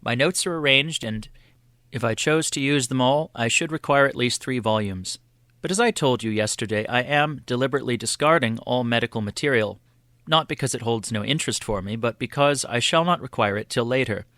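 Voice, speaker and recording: Guy reading as a calm learned lecturer, formal and patient, bright clear voice, dry sound. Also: medium pitch, no echo, natural voice. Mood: earnest. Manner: measured, formal, patient explaining.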